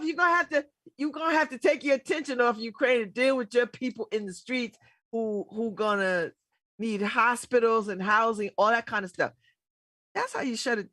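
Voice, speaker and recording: A woman's voice: a little high, a bit bright, no room sound. A middle-aged woman hosting a casual political talk show, blunt and emphatic, laughing often. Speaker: radio host.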